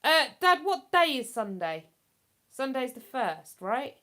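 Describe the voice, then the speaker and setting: A woman's voice: high voice, sing-song, fairly bright tone. Chatty woman hosting a livestream. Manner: chatty, rambling, quick to laugh. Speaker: livestream host. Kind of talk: casual live chat.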